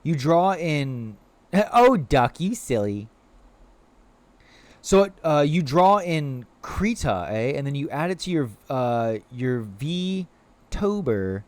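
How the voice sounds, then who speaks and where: Man, game streamer, rambling casual talk, lots of filler words, bouncy swooping pitch, dry close sound. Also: slow, no room sound. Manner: animated, rambling, heavy "like" fillers; coos playfully at game creatures. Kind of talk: live gameplay stream chat.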